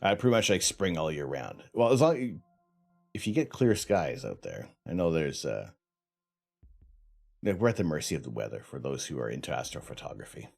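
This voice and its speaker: Deep-voiced guy streaming astronomy, jokey and chatty, lots of ups and downs in his voice. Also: very animated, moderate pace, gravelly, faint music behind. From Canada. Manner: jokey, laughs often, chats with viewers. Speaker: astronomy livestream host. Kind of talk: casual livestream chat.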